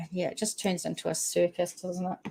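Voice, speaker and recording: A New Zealand woman with a matching accent hosts a casual livestream chat, reading viewer comments aloud. Her lowish voice is warm with vocal fry, fairly even in intonation and moderate in pace.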